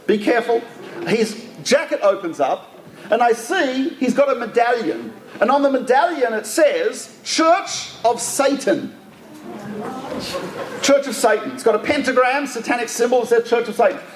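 A man with an Australian accent, a rabbi telling anecdotes in a lively religious talk, often restarting his sentences. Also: very high-pitched, normal speed, roomy sound. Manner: animated anecdotal storytelling with restarts.

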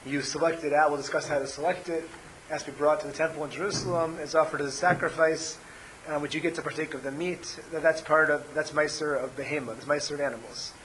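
A man with a scratchy, hoarse voice giving a religious class, explaining step by step with frequent ums and restarts. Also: a little high, steady tone, fast talker, a bit bright. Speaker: Torah teacher.

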